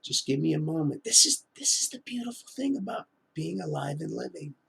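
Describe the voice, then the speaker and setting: A man telling his life story on a live stream, halting and full of restarts, drifting into preachy religious asides. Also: on the high side, sing-song, vocal fry, fairly bright tone, slightly rough. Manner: preachy, sprinkles in religious talk. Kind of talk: rambling live-stream monologue.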